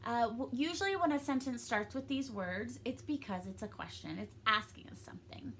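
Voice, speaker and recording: Young woman teacher, remote lesson for kids, sing-song, high voice, faint hiss behind. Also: moderate pace. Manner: upbeat, encouraging, sing-song with excited peaks. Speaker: elementary school teacher. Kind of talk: recorded reading lesson for young pupils.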